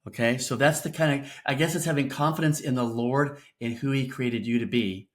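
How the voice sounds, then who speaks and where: A man's voice: mid-range voice, fairly even intonation, brisk. Rambling middle-aged male podcast co-host. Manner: rambling, frequent fillers and restarts, encouraging. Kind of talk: casual faith-based parenting chat.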